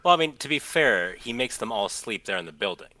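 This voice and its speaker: A man's voice: mid-range voice, expressive, a little fast, sharp tone, no room sound. A man filling in as guest co-host on a podcast, making dry, wry jokes in casual chat.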